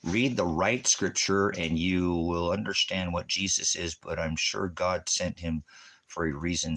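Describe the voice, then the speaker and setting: A man's voice: low-pitched, fairly bright tone. A man preaching on a livestream, ranting and mocking commenters in a combative, profane way.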